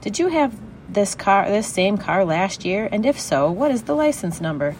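A woman's voice: medium pitch, big pitch swings, moderate pace, darkish tone, slight background noise, pitched above the performer's own voice. A woman voicing a businesslike license-office clerk in a storybook, asking routine questions.

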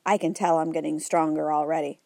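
An eager, chubby young boy, as a woman narrator puts him on, earnest and a bit boastful. The voice is mellow and dry, read close in a storybook. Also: deep voice, flat delivery, fairly quick, vocal fry, no room sound.

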